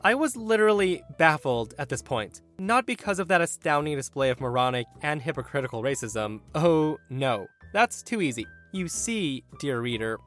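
Man, podcast host, story reading, sarcastic, animated, higher pitch, soft background music. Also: moderate pace, few pauses. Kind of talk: reading stories aloud.

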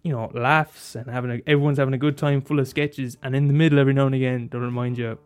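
Animated swearing man, film chat. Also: fast, hardly any pauses, smooth, faint music behind. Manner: animated, swears freely, bursts into high exclaims.

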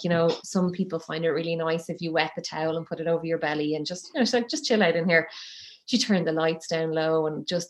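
Woman, thirties, low voice, chatty storytelling, laughs often. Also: a little hiss or hum. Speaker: guest telling her birth story. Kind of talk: casual storytelling.

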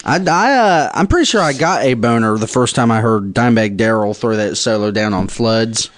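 A man joking through a casual podcast chat with a self-mocking drawl. His pitch swings a lot as he talks. The sound is dry and close, with no room around it. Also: expressive, normal speed, no room sound. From rural background. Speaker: guest.

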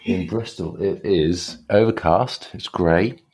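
A man co-hosting a podcast over a video call, speaking slowly and thoughtfully with frequent restarts. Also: deep voice, a little mellow, slightly rough. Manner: thoughtful, slow, hesitant, with restarts. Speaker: podcast co-host.

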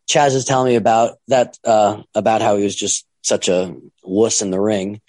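A man's voice: fairly low pitch, quick pace, darkish tone, dry recording. Rambling middle-aged man telling wrestling stories. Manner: rambling, acts out quoted voices. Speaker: wrestling promoter and trainer. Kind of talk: casual storytelling monologue.

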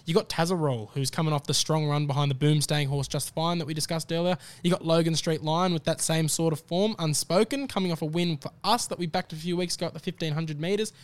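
An Australian man co-hosting a casual racing podcast, confidently rattling off his tips and prices. His voice sits a little higher than most men's and comes through clean and smooth. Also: fairly even intonation, fast talker, hardly any pauses. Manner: upbeat, confident tipster banter. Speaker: podcast co-host tipping races.

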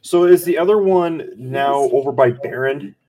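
A man's voice: mid-range voice, moderate pace, warm tone. A man playing a tabletop game, matter-of-fact. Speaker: player.

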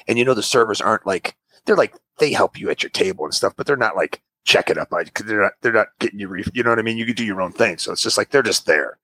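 A middle-aged man chatting casually, swinging his low, gravelly voice up and down as he tells stories. He acts out the people in his tales and keeps the mood loose. The sound is close and dry. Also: fast, no echo. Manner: animated storyteller, acts out quoted voices. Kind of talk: casual chat.

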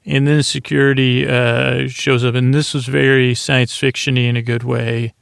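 A man hosting a podcast, softly recapping a TV episode at bedtime in a meandering way that is full of restarts. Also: flat delivery, normal speed, vocal fry, smooth, dry recording, clean studio sound. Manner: soft, low-key delivery. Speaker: podcast host.

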